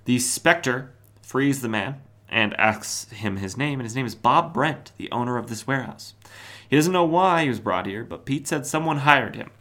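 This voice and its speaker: A podcast host casually retelling an old comic book story, with wry asides and quick mock voices for the characters. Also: male voice, medium pitch, lively intonation, pushed and bright.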